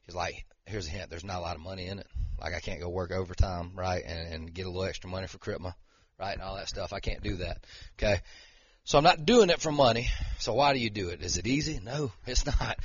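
A man's voice: lowish voice, slightly rough, no echo, lo-fi sound. A middle-aged man, preaching a casual, conversational sermon with frequent "okay?" and "right?" checks to his listeners. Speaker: lay preacher and wrestling coach.

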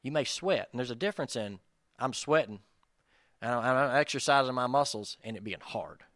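Male preacher, conversational and self-deprecating, mid-pitched voice, dry close recording. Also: animated, moderate pace, fairly bright tone, dry recording. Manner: casual, self-deprecating, addresses listeners as guys. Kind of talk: conversational sermon.

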